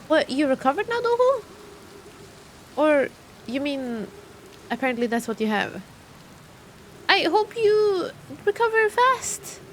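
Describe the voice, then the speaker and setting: Very high-voiced young woman streaming. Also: sing-song, slow pace, long pauses, a little hiss or hum. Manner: chatty, thinks aloud and talks to chat. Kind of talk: live gameplay commentary.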